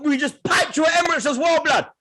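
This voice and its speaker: A man's voice: extremely high pitch, quick pace, sharp tone. A young man, hosting a football podcast and trash-talking rival fans in heated, laughing banter.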